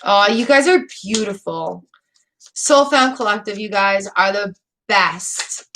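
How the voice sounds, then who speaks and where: A woman's voice: mid-range voice, takes it slowly, a bit bright, a little hiss or hum. A middle-aged woman giving a live tarot reading, chatty, emotional and rambling with fillers. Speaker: tarot reader.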